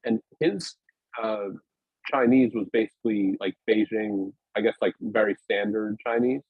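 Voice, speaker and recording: A man who founded a weightlifting media outlet rambles hesitantly as a podcast guest on a video call, restarting often. His voice is husky, on the low side and a little slow, and the audio is dry and tinny like a phone call.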